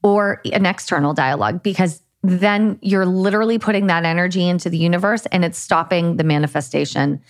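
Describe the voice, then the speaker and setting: A woman's voice: on the low side, fairly quick, hardly any pauses. A woman co-hosting a podcast, talking in an earnest, coaching way and laughing easily. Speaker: podcast co-host. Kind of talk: casual podcast chat.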